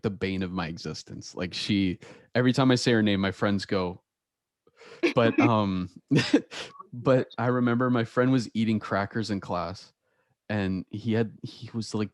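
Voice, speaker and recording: Casting: young male podcast host, lowish voice, dry close sound, laughs easily while telling stories. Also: no room sound. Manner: laughs often, storytelling with quoted voices. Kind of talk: casual chat.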